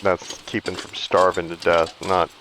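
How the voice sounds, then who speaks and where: A man's voice: sits low, flat delivery, normal speed, noisy background. A man giving casual, rambling commentary while playing a survival game, ranting with frequent restarts. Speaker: gaming video creator.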